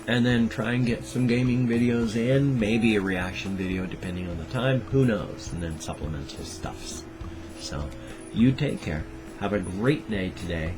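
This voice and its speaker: A man in his fifties talking to camera in a rambling daily vlog, wry and darkly joking. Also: lowish voice. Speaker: daily vlogger. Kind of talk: rambling monologue. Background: music.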